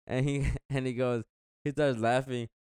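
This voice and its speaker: A man's voice: medium pitch, flat delivery, moderate pace, darkish tone, clear, resonant tone, no echo, studio quality. A young man in casual chat, rambling through a story and acting out what others said in a slangy way. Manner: rambling, slangy, acts out quotes.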